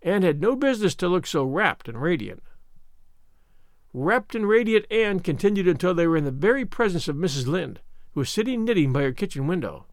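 A man reading a classic novel aloud as narrator, in an expressive storytelling manner. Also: high voice, fairly quick, no echo, clean studio sound. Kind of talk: audiobook reading.

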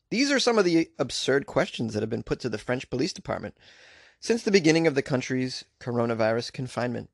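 A male podcast host delivers comedic news commentary, full of crude, sarcastic riffs and asides. His voice has a gravelly, fry-laden texture. The recording is dry and close, with no room sound. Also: medium pitch, very animated, fast talker, dry recording.

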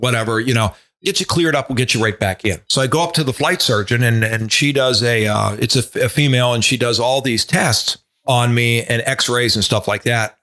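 A man's voice: medium pitch, bright, forceful tone. A man in his sixties, a retired TV weatherman, telling a casual, rambling story full of restarts and asides. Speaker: retired TV meteorologist, guest.

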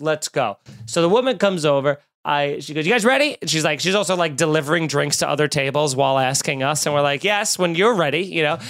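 A man from Long Island hosts a podcast and tells a funny story in a loose, chatty way. He exaggerates for laughs and acts out the scenes. His voice sits high for a man. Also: smooth. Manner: animated, exaggerated comic retelling. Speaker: podcast host. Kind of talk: casual comic storytelling.

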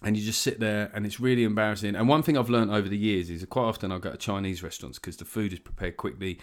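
A man's voice: on the low side, fairly even intonation, fast talker. A man hosting a podcast, talking in a rambling, sweary way with jokey asides. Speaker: podcast host. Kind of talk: casual solo monologue.

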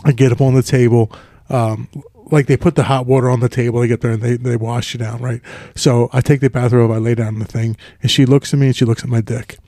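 Co-host, man, mid-pitched, dry close sound, crude storyteller. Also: little pitch movement, fast talker, warm tone, no echo. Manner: loose, profane, laughing asides. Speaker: podcast co-host.

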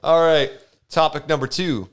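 A man's voice: on the high side, fairly even intonation, normal speed, clean tone. Brief: young male podcast host, casual, laughs a lot, keeps the segments moving. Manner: laughs often, runs the segments.

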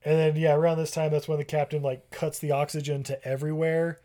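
A man's voice: a little high, level tone, quick pace, dark tone. Man co-host, casual comedic recap, rambling and laughing. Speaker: podcast co-host.

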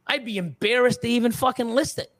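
A middle-aged reptile breeder, appearing as a guest on a casual podcast, rants angrily and profanely, restarting often and repeating words. His voice is extremely high and fairly bright, and he talks quickly.

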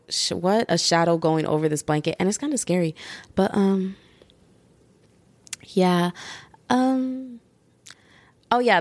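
Young woman rambling on her solo podcast, lots of like and y'all, a bit low voiced, talking from under a blanket at home. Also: no room sound. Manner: chatty and rambling, laughing at herself, lots of "like" and "y'all". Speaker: podcast host. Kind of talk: casual solo podcast chat.

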